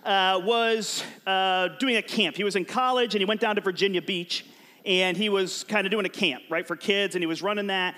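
A high-voiced man with a bright, eager delivery gives a sermon to a live crowd, cracking jokes and pulling the room into games. He sounds like a youth pastor keeping everyone involved. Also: moderate pace. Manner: animated and joking, prompts the crowd to shout answers. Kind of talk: energetic sermon to a live audience.

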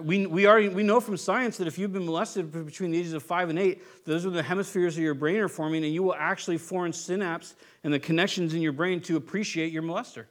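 A pastor preaching a sermon with animated delivery. He acts out quoted voices and swings between loud outbursts and hushed asides. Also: sits high, fast.

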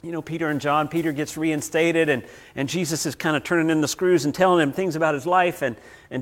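A man preaching a sermon as pastor. He tells stories, swinging between loud passages and hushed ones. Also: a little high, fairly quick.

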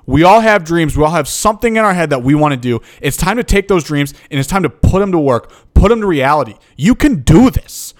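A man's voice: on the high side, lively intonation, brisk, hardly any pauses. A young man, a football coach, hosting a motivational podcast and delivering a fired-up rant that keeps checking in with "okay?". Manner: fired up, emphatic, repeats "okay?".

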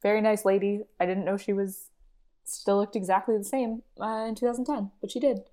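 A woman's voice: medium pitch, steady tone, fairly quick, dark tone. A woman co-hosts a laid-back movie podcast. She talks in a loose, chatty way, laughs often, and acts out her own reactions as she goes. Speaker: podcast co-host. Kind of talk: casual movie chat.

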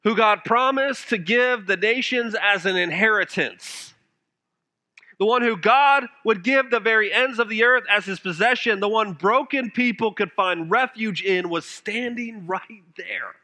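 A man preaching a sermon with passion, now and then dropping his voice to a hush for emphasis. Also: a little slow. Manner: impassioned preaching, dropping to hushed low phrases for emphasis. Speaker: pastor.

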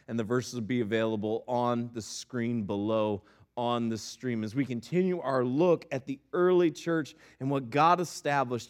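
A middle-aged man, a pastor, preaching a sermon in a church and telling family stories with animated delivery. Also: on the high side. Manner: animated storyteller, acting out his kids and himself. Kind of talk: sermon with personal storytelling. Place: church sanctuary.

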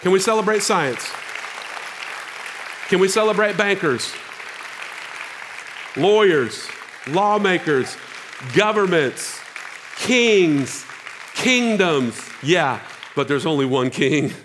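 Preaching male pastor, lively congregation. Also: high voice, takes it slowly, pauses often, some chatter behind, slight background noise. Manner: conversational preaching, rising to loud exhortation. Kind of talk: sermon.

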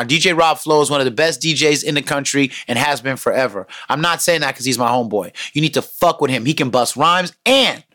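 Profane Bay man telling stories. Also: a little high. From San Francisco Bay Area. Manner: profane, animated, acts out quotes. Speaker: podcast host. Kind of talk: casual storytelling monologue.

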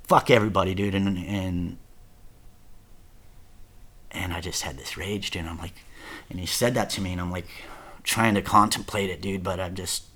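Guy with a real deep voice, cussing, rambling, lots of "dude". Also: fairly even intonation, normal speed, long pauses, sharp tone. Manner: profane, rambling, repeats words and says "dude" often. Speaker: guest telling his life story. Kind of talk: casual confessional storytelling.

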